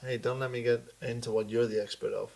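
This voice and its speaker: A man's voice: mid-range voice, flat delivery, quick pace, vocal fry, darkish tone. A man co-hosting a podcast, trading teasing comebacks in casual joking banter. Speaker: podcast co-host.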